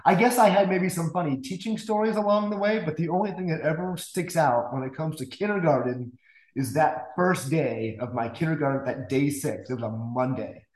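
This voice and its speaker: A man telling a classroom story in a casual, animated way, acting out the voices he quotes, with stammering restarts. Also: on the high side, moderate pace. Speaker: guest music teacher. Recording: roomy echo.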